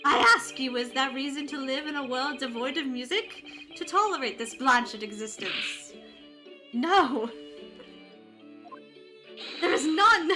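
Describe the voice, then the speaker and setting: A woman's voice: high voice, unhurried, pauses often, sharp tone. A woman voicing a theatrical male detective from a game, with a put-on English accent and grand, melodramatic delivery, game music behind.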